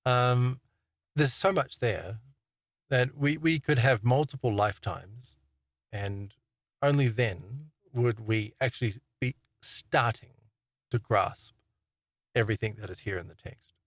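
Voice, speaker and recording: A man's voice: medium pitch, expressive, a little slow, no echo. A man hosting his own channel, talking casually and rambling through a monologue with many fillers, restarts and chuckles. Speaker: online Bible teacher and channel host.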